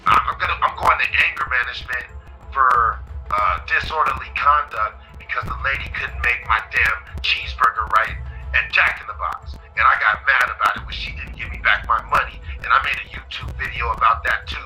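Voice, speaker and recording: A man losing his voice, speaking in a hoarse, half-whispered voice as he rambles on agitatedly about his grievances. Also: medium pitch, fairly even intonation, fairly quick, sharp tone, faint music behind, low-quality recording. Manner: agitated, rambling, self-aggrandizing. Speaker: caller in played recording. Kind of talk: complaint call.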